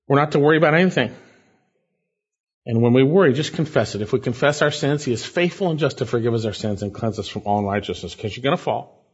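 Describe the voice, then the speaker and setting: A man preaching an expository sermon as pastor, emphatic, with sharp jumps in pitch on key words. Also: breathy edge. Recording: dull, lo-fi church recording.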